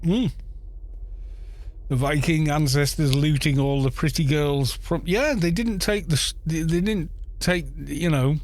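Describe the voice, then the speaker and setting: A man's voice: on the high side, unhurried, dry recording. A middle-aged man with a Welsh accent, chatting and joking with his viewers while streaming a game, often stumbling over his words. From Wales. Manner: chatty, jokey, answers chat with stumbles and laughs. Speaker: gaming streamer.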